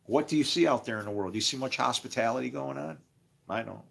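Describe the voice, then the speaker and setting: A man's voice: mid-range voice, fast talker, creaky, fairly bright tone, slightly rough. Guy rambling on his stream, chuckles a lot, gets a bit preachy. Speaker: livestreamer. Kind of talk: casual live stream monologue.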